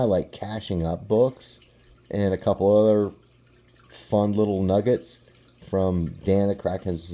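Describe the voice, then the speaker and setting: A man with a very dark, low voice hosting a casual collecting vlog. He talks slowly and unhurriedly. His speech rambles and is peppered with "like". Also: dull audio. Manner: relaxed, rambling, lots of "like". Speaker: comic book collector.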